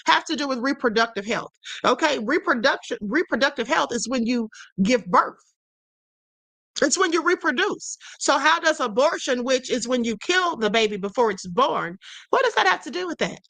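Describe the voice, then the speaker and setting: A woman's voice: high-pitched, bright, forceful tone, no echo. A woman hosting a political commentary livestream, talking emphatically to her viewers in a string of rhetorical questions. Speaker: livestream host.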